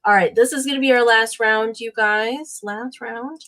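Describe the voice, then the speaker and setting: A woman hosting a live vintage sale, describing each piece in an unhurried way with many uhs and ums. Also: a little high, steady tone, a bit bright. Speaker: live sale host and seller. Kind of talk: casual live sale pitch.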